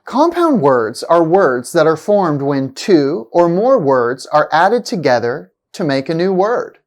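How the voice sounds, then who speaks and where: A woman reading a scripted pronunciation lesson, saying each example word slowly and deliberately with exaggerated stress. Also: sits low, very animated, darkish tone. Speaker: pronunciation teacher.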